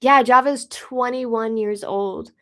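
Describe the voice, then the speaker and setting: Chatty woman, slightly high voice. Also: slow pace. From Pensacola, Florida, US. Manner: chatty, rambling storyteller. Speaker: drummer and host of a music channel. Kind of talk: casual chat while tuning drums.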